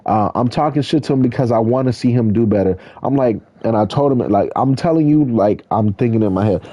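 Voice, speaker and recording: A man's voice: medium pitch, brisk, few pauses, mellow, no room sound, dull audio. A man from California, a drift driver, telling rambling, profane stories in casual chat while gaming.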